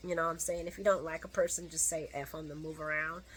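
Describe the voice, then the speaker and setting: A woman's voice: sits low, steady tone, fast talker, a bit bright, slight background noise. A middle-aged woman giving a casual, opinionated solo recap of a soap opera, chatting to her viewers with plenty of fillers and asides.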